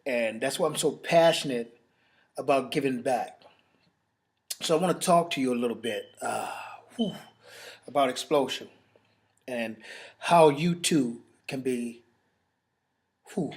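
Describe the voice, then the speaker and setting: A man giving an emotional, halting testimonial and sales pitch, repeating his phrases and pausing to sigh, as if recorded on a home camera. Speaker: network marketing presenter.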